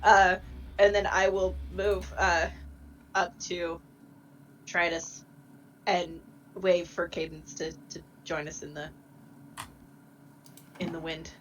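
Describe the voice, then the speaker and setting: A woman's voice: fairly low pitch, takes it slowly, long pauses, lo-fi sound, a little hiss or hum. Chatty woman playing a tabletop game. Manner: chatty, breaks into lively voices for her character. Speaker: player.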